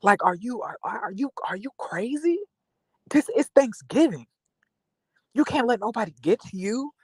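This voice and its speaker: A man's voice: sits high, expressive, slightly rough, dry recording, pitched above the performer's own voice. A man doing an exasperated scolding best friend. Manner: scolding, rapid questions.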